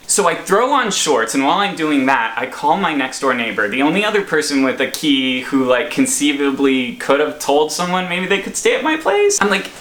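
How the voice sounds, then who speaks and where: A man's voice: fairly high pitch, very animated, normal speed, hardly any pauses, a bit bright, reverberant, a little hiss or hum. A young man vlogging a dramatic, laughing storytime from his apartment. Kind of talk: storytime vlog.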